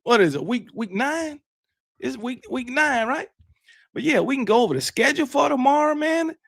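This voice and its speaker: A man's voice: very high voice, lively intonation, moderate pace, creaky, no echo, clean studio sound. A man hosting a late-night live stream, chatting casually and greeting viewers from the chat. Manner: loud hype shouting, then laid-back reading of chat names.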